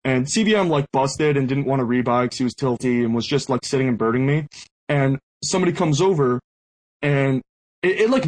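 A man's voice: medium pitch, rough recording. A young man hosting a podcast who tells a casual anecdote in a rambling way, with lots of fillers and restarts. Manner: rambling, heavy use of "like" and restarts. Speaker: podcast host.

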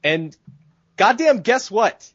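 A man's voice: sits high, big pitch swings, takes it slowly, breathy edge, no echo. A man co-hosting a podcast, ranting in a heated, profane, casual way. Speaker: podcast co-host. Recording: dull, dry lo-fi sound.

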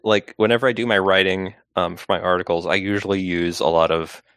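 A man co-hosting a podcast in casual chat, relaxed and a little hesitant with fillers. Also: low-pitched, brisk, dry recording. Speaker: podcast co-host and writer.

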